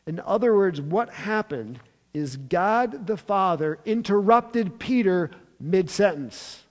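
A man preaching a sermon, retelling scripture with emphatic, animated storytelling and touches of humor. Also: high-pitched, moderate pace. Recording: long reverb of a large hall.

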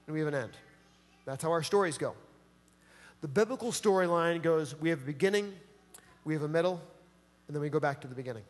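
A man's voice: sits high, long reverb tail. A man preaching a sermon in a casual, enthusiastic, slangy way. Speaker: pastor.

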